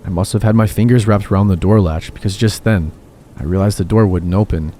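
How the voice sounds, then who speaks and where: Deep, dark-voiced man narrating. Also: brisk, slight background noise. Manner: calm, steady storytelling. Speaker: horror story narrator. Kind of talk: scripted narration. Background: faint background music.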